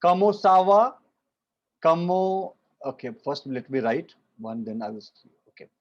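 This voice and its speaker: A man's voice: on the high side, lively intonation. Indian man teaching French over a video call. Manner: repeats phrases slowly for pronunciation, mixing English and Hindi. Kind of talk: online class teaching. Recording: muffled video call audio.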